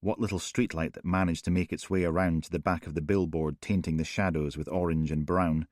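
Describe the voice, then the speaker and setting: A man narrating a crime thriller audiobook in a measured, grave way. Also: sits low, steady tone, darkish tone, dry recording, clean studio sound.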